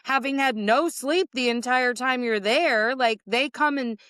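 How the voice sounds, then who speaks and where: A woman's voice: high voice, measured pace, fairly bright tone, no room sound, studio quality. A woman podcast host and therapist, chiming in with empathetic, emphatic agreement. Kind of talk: casual conversation.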